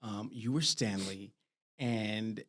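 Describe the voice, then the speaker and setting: A man's voice: fairly low pitch, takes it slowly, a bit bright. Rambling man in his thirties hosting a podcast. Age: 30s. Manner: rambling, full of "like" and "you know", restarts often. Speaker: podcast host. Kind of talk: casual conversation.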